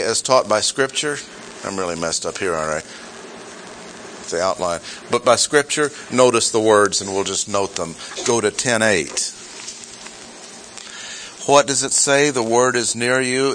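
A man's voice: lowish voice, a bit bright, slight background noise, rough recording. A man teaching through a Bible chapter in a sermon, reading verses aloud and stressing key words. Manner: reads scripture aloud, self-correcting asides. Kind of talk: expository sermon.

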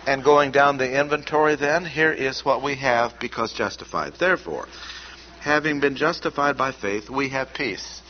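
Man teaching scripture in measured, emphatic tones. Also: mid-range voice. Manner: measured, emphatic, repeats key words. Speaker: Bible teacher. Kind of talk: expository Bible teaching. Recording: dull lo-fi recording with faint noise.

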